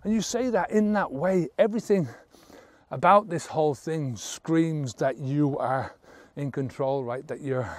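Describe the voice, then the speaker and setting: A man's voice: fairly high pitch, measured pace, dry recording. A man coaching listeners on quitting drinking, earnest and blunt, swearing casually and checking in with "right?" as he goes. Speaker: sobriety coach. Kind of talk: motivational talk to camera.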